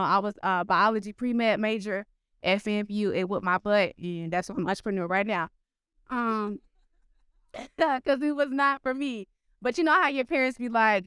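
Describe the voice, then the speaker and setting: Young woman telling her story to a crowd, gets emotional and animated, clean dry voice. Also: medium pitch, clear, resonant tone, dry recording. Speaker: panel guest, clothing brand founder. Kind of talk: personal story told to a live audience.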